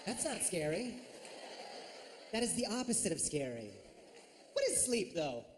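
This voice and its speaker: A man performing a stand-up routine on a theater stage, lively and jumping into high silly voices. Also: measured pace. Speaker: stand-up comedian. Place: large ornate theater stage. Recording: reverberant theater with audience noise.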